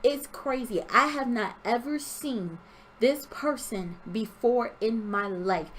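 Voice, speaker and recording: A young woman telling a story from her dream in an animated, expressive way, acting out sounds. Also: fairly high pitch, slow, slight background noise. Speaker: vlogger. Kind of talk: storytelling vlog.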